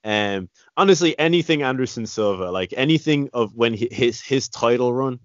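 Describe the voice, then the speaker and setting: A man's voice: medium pitch, expressive, normal speed, dry recording. A man chatting casually about fights, rambling with many restarts and "you know". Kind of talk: casual chat. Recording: dry, slightly dull lo-fi sound.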